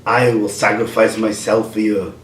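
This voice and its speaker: A man voicing an earnest male cyborg gladiator, slow and dramatic. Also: on the low side, flat delivery, slight background noise, pitched below the performer's own voice, natural voice. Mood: solemn. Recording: roomy, distant from mic.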